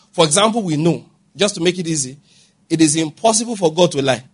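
A man preaching a sermon, his voice husky and pitched high for a man. He presses each point hard and keeps checking that his listeners are following him. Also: fast talker. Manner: emphatic, repeats questions to the congregation. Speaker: pastor.

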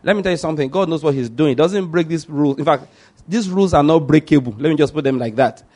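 A man preaching a sermon, teaching slowly and repeating his key points, often checking whether listeners understand. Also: on the high side, darkish tone.

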